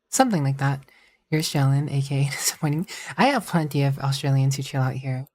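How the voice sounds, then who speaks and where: A woman's voice: a bass voice, brisk, darkish tone. A woman streamer chatting casually and rambling, with a giggly manner. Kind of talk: casual live-stream chat.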